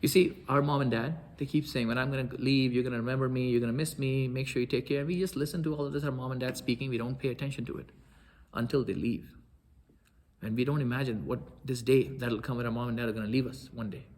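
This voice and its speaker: Fast-talking man giving an animated lecture. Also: mid-range voice. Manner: animated, acts out quoted speech with sudden loud outbursts. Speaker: Islamic lecturer. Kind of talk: storytelling lecture.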